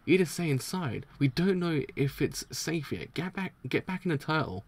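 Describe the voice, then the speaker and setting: A man's voice: on the high side, sing-song, moderate pace, pitched above the performer's own voice. A man doing an urgent young gang leader. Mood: urgent, alert. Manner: urgent, alert, protective.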